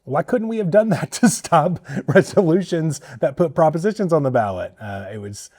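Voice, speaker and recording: A man serving as a state party chair, talking candidly and bluntly in a political interview, with a husky voice. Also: fairly high pitch, lively intonation, moderate pace, a little mellow, no echo, clean studio sound. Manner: candid, blunt, mildly profane.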